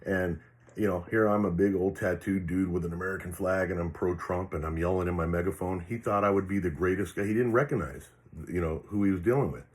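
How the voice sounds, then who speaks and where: A man's voice: low voice, a little fast. An older man, a retired police officer, telling a personal story in a rambling, frank way, swearing freely and restarting his sentences with many fillers. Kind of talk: casual storytelling monologue.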